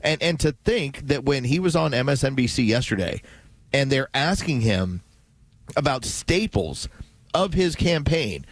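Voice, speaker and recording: A man's voice: medium pitch, lively intonation, a little slow, dry recording. A man co-hosting a morning radio show, talking in a wry, sarcastic way. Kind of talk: casual radio banter. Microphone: studio mic.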